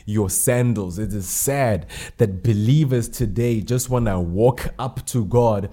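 A man's voice: on the low side, a little slow, mellow. A man preaching a sermon, emphatic, repeating key phrases and asking the listeners rhetorical questions.

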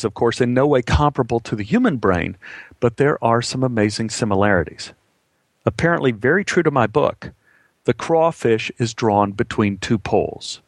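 A man telling a personal story as a monologue, with wry, dry humor and an unhurried manner. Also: medium pitch, dry recording.

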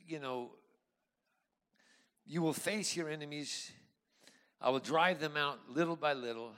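An older man preaching a sermon as a pastor, swinging from quiet talk to emphatic shouts. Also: mid-range voice. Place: church. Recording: echoey hall with faint music.

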